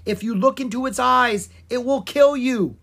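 A narrator voicing a calm, patient wandering bard who turns commanding in danger. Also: medium pitch, unhurried, husky. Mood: urgent. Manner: steady, commanding when urgent.

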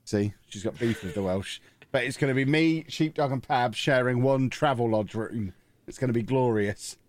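A man's voice: mid-range voice, normal speed, dry recording. A man hosting a podcast, chatting casually with teasing, wry banter. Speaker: podcast host. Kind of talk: casual chat.

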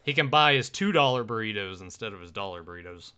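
A man's voice: fairly low pitch, expressive, quick pace, pushed and bright, smooth. A man hosting a podcast in casual chat, joking and often repeating words as he goes. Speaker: podcast host.

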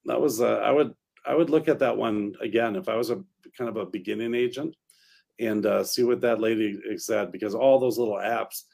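A man, a real estate agent, co-hosting a casual chat and speaking in a halting, hesitant way. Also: lowish voice, gravelly, a little mellow.

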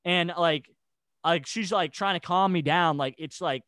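A man's voice: fairly high pitch, measured pace, a bit bright, clean tone, no echo. A man ranting heatedly in a casual chat, stammering and restarting his sentences. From United States. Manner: agitated and rambling, with stammered restarts.

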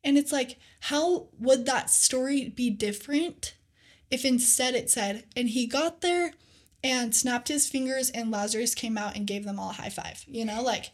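A young woman co-hosting a faith podcast, telling scripture stories in an earnest, animated casual way with lots of "like.". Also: on the high side, moderate pace. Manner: earnest, animated storytelling with many "like"s. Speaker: podcast co-host.

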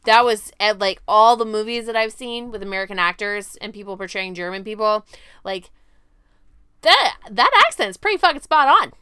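A woman's voice: mid-range voice, lively intonation, normal speed, pushed and bright, clean tone, no room sound, clean studio sound. A young woman co-hosting a casual podcast, chatty and telling stories, swearing freely. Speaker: podcast co-host. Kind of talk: casual chat.

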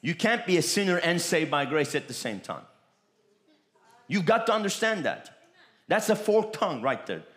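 A man's voice: fairly high pitch, sing-song, normal speed, pauses often, fairly bright tone. A man preaching a sermon, with emphatic, repetitive declarations that rise in bursts.

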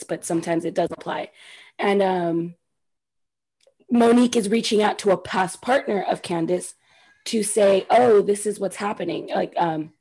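A woman's voice: medium pitch, dark tone, husky. A woman co-hosting a casual chat, working through her opinions with hedges and restarts. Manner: thoughtful, hedging, halting restarts. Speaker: podcast co-host.

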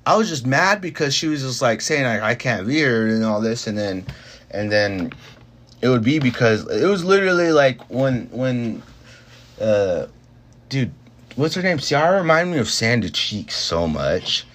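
A man's voice: mid-range voice, very animated, moderate pace, fairly bright tone. Rambling young man, casual chat. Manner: rambling, full of fillers and restarts, swears freely. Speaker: podcast talker telling a work story.

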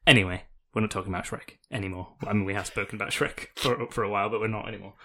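British guy hosting a podcast, low and gravelly, laughs a lot. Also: steady tone, rapid-fire, bright, forceful tone. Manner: laughs often, reads notes with jokes. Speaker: podcast host reading the news segment. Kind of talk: casual podcast chat.

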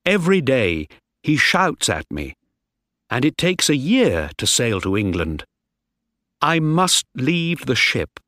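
A man's voice: mid-range voice, sing-song, slow, pushed and bright, dry recording, studio quality, exaggerated voice. A man voicing a desperate ship officer who turns into a determined mutineer. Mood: despairing. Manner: tense, determined.

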